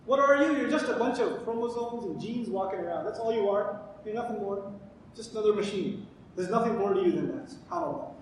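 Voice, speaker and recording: Man lecturing in an echoey hall. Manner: asks questions and answers them himself. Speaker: Quran teacher. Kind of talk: lecture on Quran commentary. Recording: echoey hall, distant mic, faint rumble.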